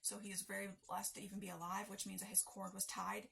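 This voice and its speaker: A woman's voice: mid-range voice, flat delivery, quick pace, vocal fry, pushed and bright, a little hiss or hum. A woman telling her own story as a candid, emotional personal testimony, with many fillers.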